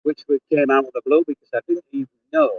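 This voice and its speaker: A little high and very animated, an older man with a Yorkshire accent talks quickly in a slightly rough voice during a casual phone livestream, naming viewers as he greets them. He's blunt, swears casually and speaks before thinking. The handheld phone gives phone-quality sound with no echo.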